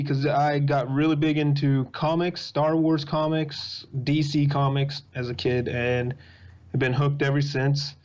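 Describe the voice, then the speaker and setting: A young man with a drawl chats as a podcast guest, his voice sitting a little high. He tells stories in animated, quick bursts. The sound is dull and lo-fi. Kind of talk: casual chat.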